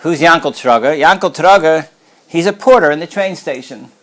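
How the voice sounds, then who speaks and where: A man teaching a Torah class as a rabbi, telling stories in a casual way, clearing his throat often and starting words over while mixing in Yiddish and Hebrew terms. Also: fairly high pitch, normal speed, fairly bright tone. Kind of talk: storytelling Torah lecture.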